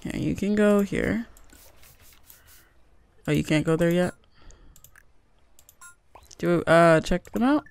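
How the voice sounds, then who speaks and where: Chatty young woman with a gravelly edge. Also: on the low side, takes it slowly, long pauses, a little mellow, dry recording. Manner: chatty, full of "like" fillers, reads game text aloud. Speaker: gaming video host. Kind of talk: casual let's-play commentary.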